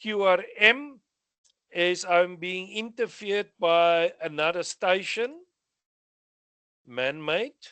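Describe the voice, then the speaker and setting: Slow-speaking South African male instructor. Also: sits high, sharp tone, smooth, no echo. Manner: reads questions then gives answers with asides. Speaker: radio exam instructor. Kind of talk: exam revision lesson.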